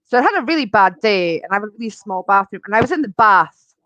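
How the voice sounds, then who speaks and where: A woman's voice: mid-range voice, expressive, quick pace, fairly bright tone, dry recording, dull audio. A woman chatting casually as a guest, telling a story with lots of animation and laughter, acting out the lines of the people she quotes. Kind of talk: casual chat.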